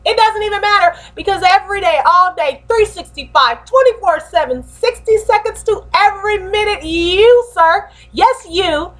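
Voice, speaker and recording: Woman host, high bright voice, slangy preacher energy, motivational talk. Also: expressive, normal speed, few pauses. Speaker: host and pastor.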